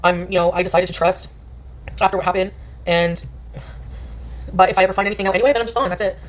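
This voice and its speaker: A woman's voice: fairly low pitch, fairly even intonation, fast talker. A woman chatting casually on a livestream, dismissive and rambling, full of filler "like"s. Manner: dismissive, rambling, many likes.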